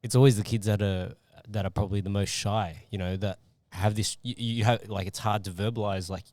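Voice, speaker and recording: Male podcast host, casual, rambling, fairly low voice. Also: steady tone, fairly quick, darkish tone, dry recording. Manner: casual, thinks aloud with many fillers. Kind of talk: casual interview chat.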